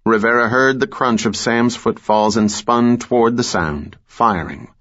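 A man narrating a thriller audiobook in a measured, steady way. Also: mid-range voice, highs cut off.

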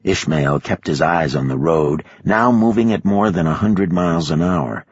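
A man reading an audiobook in a measured, expressive scripted narration. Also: low voice, breathy edge, no echo, lo-fi sound.

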